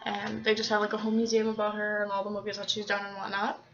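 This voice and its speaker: A woman's voice: mid-range voice, monotone. Young woman, from Minnesota, casual vlogger, hesitant, lots of ums, dull lo-fi audio, faint background hiss. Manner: unhurried, reads from a list with many ums and pauses. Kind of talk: casual vlog, listing facts.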